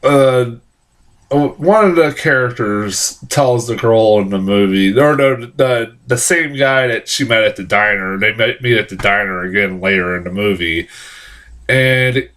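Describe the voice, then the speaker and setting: A man gives a casual, rambling film review, swearing often, restarting his sentences and breaking into animated, sarcastic reactions. His voice is fairly low, and he keeps a measured pace.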